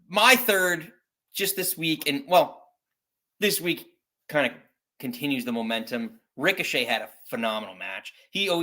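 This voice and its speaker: A man's voice: medium pitch, bright, forceful tone. A man in his thirties hosting a podcast, chatting casually as he runs through his picks. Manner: conversational, runs through rankings. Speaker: podcast host. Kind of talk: casual chat.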